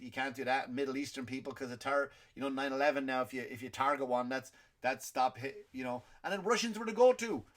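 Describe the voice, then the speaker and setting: Ranting Irish comedian, wild swings in loudness. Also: male voice. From Ireland. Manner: ranting, swearing, many restarts and repeated words; swings between loud outbursts and low mutters. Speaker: comedian podcast host. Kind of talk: stand-up style rant.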